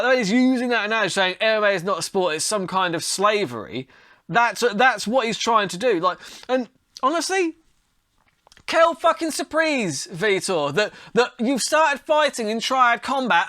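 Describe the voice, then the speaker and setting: A man's voice: high-pitched, pushed and bright, dry recording, clean studio sound. A man hosting a solo podcast, talking casually and launching into heated, sweary rants. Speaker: podcast host.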